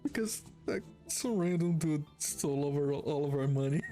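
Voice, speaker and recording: This woman plays a game on stream and reacts to it playfully, joking as things go wrong. She talks slowly in a mellow, dark tone. Faint music sits behind her voice. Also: deep voice. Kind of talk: casual gaming chat.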